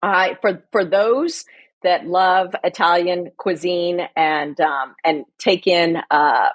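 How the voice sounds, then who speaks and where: A woman's voice: fairly low pitch, slow pace, no room sound. A woman co-hosting a podcast in casual chat, effusive and chatty, often restarting her sentences. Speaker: podcast co-host.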